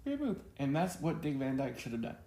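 A man with a gravelly, dark voice co-hosts a relaxed chat, full of jokes and teasing asides. The room is echoey, with a faint hiss behind him. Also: mid-range voice, fairly quick. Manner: joking, teasing, Southern "y'all". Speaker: podcast co-host. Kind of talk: casual chat.

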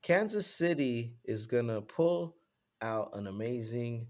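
A man's voice: mid-range voice, animated, slow, a little mellow. A man co-hosting a podcast, bantering casually with a friend and calling him bro. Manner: laid-back banter, calls people bro. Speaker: podcast co-host. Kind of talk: casual chat.

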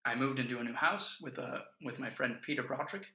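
A man's voice: medium pitch, expressive, fast, bright, forceful tone. A man in his twenties, a podcast guest, telling stories in an earnest, reflective way. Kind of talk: casual chat. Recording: echoey room.

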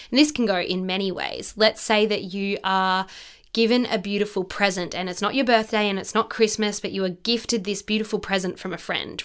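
A woman's voice: mid-range voice, a bit bright, clean tone. A woman hosting a podcast, talking casually and earnestly about self-worth and acting out quoted self-talk. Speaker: podcast host. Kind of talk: casual motivational monologue.

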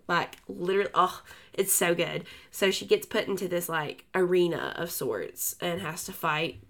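A woman's voice: lowish voice, normal speed, fairly bright tone. Chatty woman co-hosting a book podcast. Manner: chatty, full of fillers and restarts. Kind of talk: casual book chat.

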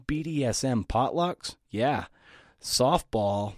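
A man's voice: mid-range voice, expressive, slow, a little mellow, no echo, clean studio sound. A man hosting his own podcast, talking in a loose, chatty way with slang and self-deprecating asides, now and then stumbling over his words. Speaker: podcast host. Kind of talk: casual podcast monologue.

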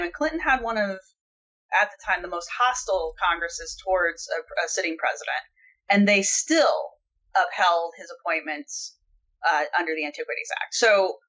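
Bright-voiced, blunt, opinionated woman. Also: medium pitch, moderate pace. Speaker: podcast co-host. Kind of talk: casual political discussion.

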